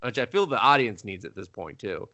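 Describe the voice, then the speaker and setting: Man, bright forceful voice, casual movie review chat, sarcastic, swears a lot. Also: fairly low pitch, expressive. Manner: sarcastic, profane, acts out scenes in quick mock voices. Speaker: podcast co-host.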